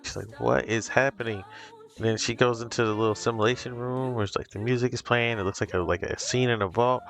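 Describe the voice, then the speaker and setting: A man giving a casual reaction review, recapping scenes excitedly with lots of "like" fillers. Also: mid-range voice, fast talker, hardly any pauses. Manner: excited recapping, many "like" fillers, acts out quotes. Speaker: show reviewer.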